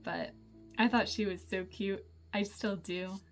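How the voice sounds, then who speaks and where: Young woman, artist vlogger, casual and giggly, mid-pitched voice over faint music. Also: fairly even intonation, measured pace. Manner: chatty, bubbly, lots of ums and giggles. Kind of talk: casual sketchbook tour.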